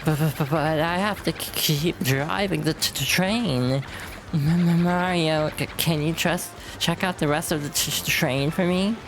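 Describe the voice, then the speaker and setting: A woman's voice: deep voice, big pitch swings, fast talker, vocal fry, hardly any pauses, noisy background, voice pushed up, exaggerated voice. A woman voicing a panicky male train engineer in a video game, stuttering frantically over every word. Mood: panicked.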